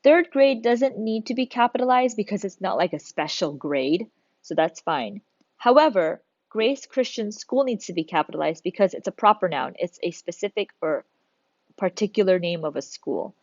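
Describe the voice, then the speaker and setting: A woman's voice: mid-range voice, expressive, normal speed, a little mellow, dry recording, lo-fi sound. A woman teacher talking through a recorded grammar lesson, patient, step by step, thinking aloud as she works.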